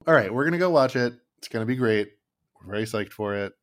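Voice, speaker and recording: A man's voice: mid-range voice, lively intonation, quick pace. A man in his thirties co-hosting a casual podcast, talking loosely with many "like"s and restarts about his kids. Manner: rambling, lots of "like" and restarts. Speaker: podcast co-host. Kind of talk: casual chat.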